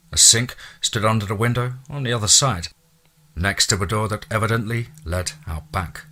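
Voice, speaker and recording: A man narrating a first-person story in a measured way, dropping to hushed tones at eerie moments. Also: on the low side.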